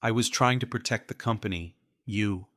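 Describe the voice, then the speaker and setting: A wounded young woman in an audiobook pleads through tears, and her voice keeps breaking, as a male narrator voices her. The tone is low and dark, with a dry close sound. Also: normal speed, no echo, close to an everyday voice. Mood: tearful. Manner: tearful, breaking voice. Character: badly burned, remorseful young woman.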